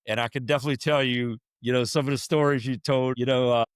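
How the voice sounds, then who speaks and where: A man hosting a podcast, chatting casually and warmly praising his guest with enthusiasm. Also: mid-range voice, fairly even intonation, quick pace, clean tone, no echo, clean studio sound. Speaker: podcast host. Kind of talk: casual chat.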